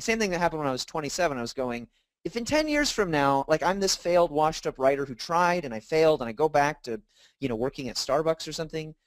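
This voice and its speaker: Man, author guest in an interview, lively swooping voice, dry close sound, acts out quotes. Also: on the high side, dry recording. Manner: animated storytelling, acts out quoted dialogue. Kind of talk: casual interview conversation.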